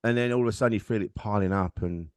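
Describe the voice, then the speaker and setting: A man's voice: on the low side, racing, a little mellow, clean tone, dry recording. Frank, rambling man, dry sound. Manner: frank, rambling, self-deprecating. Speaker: guest comedian. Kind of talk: candid conversational storytelling.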